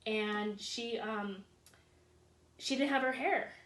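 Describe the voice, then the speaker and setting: A woman, a guest in a casual interview, telling her story in a calm, matter-of-fact way. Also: fairly high pitch, slow pace, roomy sound.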